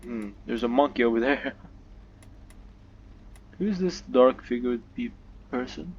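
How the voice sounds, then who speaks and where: A man playing a story game on video, reading its text aloud and reacting in an excitable, chatty way, with lots of fillers and restarts. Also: medium pitch, slow, dull audio. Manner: excitable, chatty, many fillers and self-corrections. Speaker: gaming video host.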